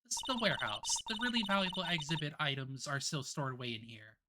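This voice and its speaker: A woman reading the lines of a composed young woman who manages an exhibit, in a calm, sincere way. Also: low voice, fast talker. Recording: loud background noise.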